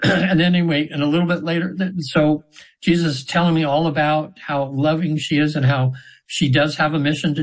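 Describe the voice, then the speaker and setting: The man's voice is a little high, and the recording quality is low. He is a hypnotherapy practitioner in his seventies, guesting on a casual interview and telling session stories in a sincere, wandering manner full of restarts.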